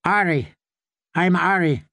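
A man's voice: high voice, slow, pushed and bright, dry recording, studio quality, voice pushed up, heavily acted. Arya, a wary young girl, voiced by a man. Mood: guarded. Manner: terse, guarded answers. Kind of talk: audiobook character voice.

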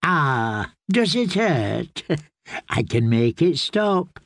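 Brief: man voicing cruel male jester, cackling and crowing; lively swooping pitch, audiobook. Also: very slow, no room sound, exaggerated voice. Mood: gloating. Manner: crowing, crude, laughing.

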